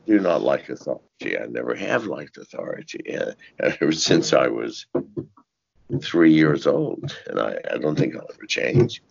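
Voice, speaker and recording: An older man giving an interview, cursing freely and telling stories in an animated way, his voice jumping into sudden high shouts and laughs. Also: normal speed, gravelly, slightly rough, dull audio. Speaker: interview guest. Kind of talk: casual interview talk.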